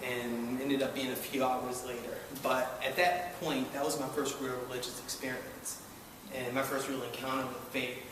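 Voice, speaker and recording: A man's voice: medium pitch, flat delivery, moderate pace. Guy telling a funny personal story on stage, recorded far off in a big echoey hall with some noise. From Baltimore. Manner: wry, self-deprecating, paced for audience laughs. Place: live event hall with audience. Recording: echoey hall, distant mic, noisy. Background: audience laughter.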